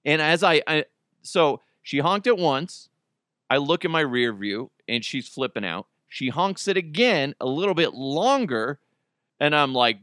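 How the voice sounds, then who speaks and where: A man in his thirties hosts a podcast and tells his stories as casual chat, swearing freely, his voice leaping up when he gets worked up. His tone is bright and forceful and sits a little high for a man. He speaks close to the microphone in a dry, dead room. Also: unhurried, smooth, dry recording. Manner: animated and profane, voice jumping up in outbursts. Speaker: podcast host. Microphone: close studio microphone.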